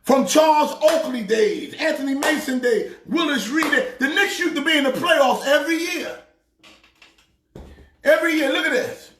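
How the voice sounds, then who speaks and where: A man doing a shouting high-pitched pastor. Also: normal speed, echoey room, noisy background. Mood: ranting. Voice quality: preachy, shouting rant. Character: loud excitable male pastor sports fan. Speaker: comedic sports pastor character. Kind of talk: comedic sports rant.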